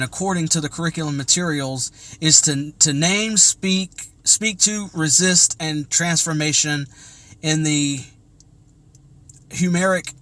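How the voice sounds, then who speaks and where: A man with a somewhat high, bright, forceful voice talks straight to his viewers. He sounds agitated and preachy, circling back over the same words again and again. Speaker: religious vlogger. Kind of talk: impassioned commentary to camera.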